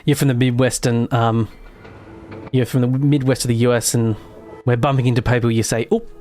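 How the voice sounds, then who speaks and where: A man's voice: medium pitch, level tone, brisk, darkish tone, faint music behind. A man from Australia with a mild Australian accent, chatting casually on a game livestream, rambling, laughing easily and trailing off mid-sentence. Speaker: game streamer. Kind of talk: casual live-stream chat while building in a game.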